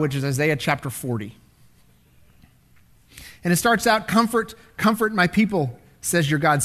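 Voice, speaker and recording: A man preaching a sermon as a pastor, swinging between loud declarations and hushed whispers as he reads scripture. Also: high-pitched.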